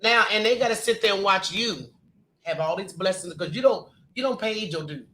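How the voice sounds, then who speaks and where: A woman's voice: medium pitch, animated, moderate pace, a bit bright. A woman hosting a podcast, chatting casually and reacting outspokenly to her guest. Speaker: podcast host. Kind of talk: casual chat.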